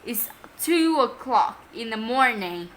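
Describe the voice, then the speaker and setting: A woman's voice: on the high side, expressive, slow pace, fairly bright tone, a little hiss or hum. A woman voicing a sleepy father who speaks sternly and firmly.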